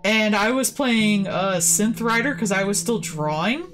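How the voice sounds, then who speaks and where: A woman from the southern United States talks on her art stream with a lively voice that swings up and down. She is wry and swears casually, and clear music plays in the background. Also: mid-range voice, unhurried. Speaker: artist streaming. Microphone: headset.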